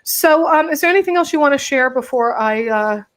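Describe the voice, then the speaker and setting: A woman's voice: sits high, lively intonation, a little fast. A woman hosting a casual chat, prompting her guest with questions. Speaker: host.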